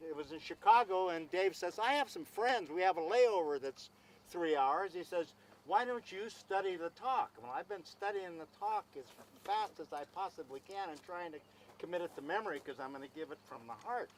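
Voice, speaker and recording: High-voiced man telling a story. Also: lively intonation, moderate pace, rough recording. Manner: anecdotal, repeats himself, acts out dialogue. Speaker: speaker at a celebration. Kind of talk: storytelling speech.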